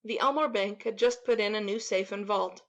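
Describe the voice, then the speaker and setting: A woman narrating a classic story in a measured, expressive dramatic reading. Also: medium pitch. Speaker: audiobook narrator.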